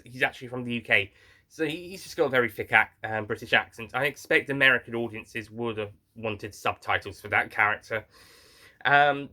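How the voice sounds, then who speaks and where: Man, film reviewer, bright tone, casual rambling delivery, blunt opinions, lots of self-corrections. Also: mid-range voice. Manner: rambling, frank, with frequent restarts and blunt swearing.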